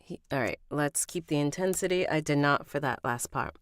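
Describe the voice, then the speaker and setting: A woman rehearsing an audiobook recording, reading and coaching herself in a relaxed, casual way. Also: deep voice, normal speed, few pauses, dry recording, studio quality. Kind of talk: casual read-through with asides.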